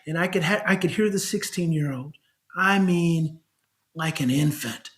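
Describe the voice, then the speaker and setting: A man's voice: on the high side, normal speed. Middle-aged man telling stories animatedly. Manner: animated, acts out parents' voices when quoting them. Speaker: child behavior specialist, podcast guest. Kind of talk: conversational storytelling.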